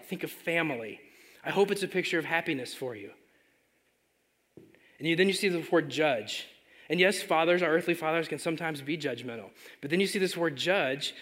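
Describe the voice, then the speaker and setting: A middle-aged man preaching a sermon in a conversational way, slowing down to read scripture aloud. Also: on the high side, fairly bright tone.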